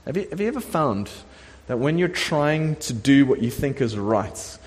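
A middle-aged man preaching a sermon as a pastor, telling the story in a lively way and acting out the voices of the people in it. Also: medium pitch, moderate pace. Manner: animated storytelling preacher, acts out quoted voices. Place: church sanctuary. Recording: long church hall reverb.

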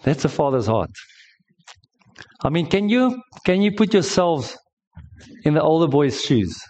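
A male preacher, delivering an emphatic sermon in a church service. His voice sits a little higher than most men's. He tells stories and jokes with the congregation as he preaches. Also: very animated, a little slow, a little mellow. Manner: storytelling, emphatic, joking with the congregation.

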